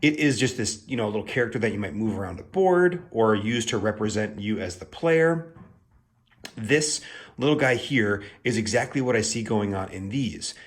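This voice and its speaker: A man's voice: lowish voice, lively intonation, moderate pace. A man hosting a casual tarot video, explaining things in a playful, chatty way with plenty of asides and fillers.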